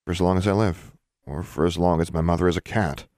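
A man's voice: low voice, fairly even intonation, fast, darkish tone, no room sound, studio quality, lightly acted. A man voicing a resentful, determined young witch whose pleading turns bitter, in a storybook reading.

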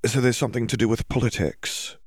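A man putting on a clever teenage witch in an audiobook, pitched well above the narrator's low voice. She pushes back quickly and firmly. The recording is close and dry. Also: steady tone, slightly rough, no echo, natural voice. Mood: insistent. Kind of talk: audiobook character voice.

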